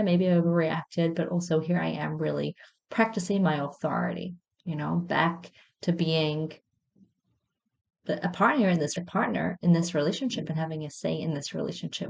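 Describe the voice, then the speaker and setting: A woman in her thirties, host of a podcast, shares a personal story in a candid, reflective monologue, her voice sitting low with vocal fry. Soft laughs at her own expense break in now and then.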